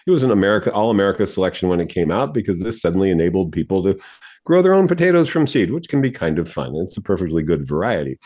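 A man's voice: low-pitched, very animated, fast talker, mellow. A man co-hosting a radio garden show, giving friendly, explanatory advice and chuckling often.

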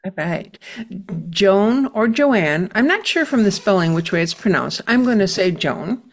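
A woman's voice: mid-range voice, big pitch swings, unhurried. Woman co-hosting a radio garden show. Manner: light, conversational, reads letters aloud. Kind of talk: radio call-in host reading listener messages.

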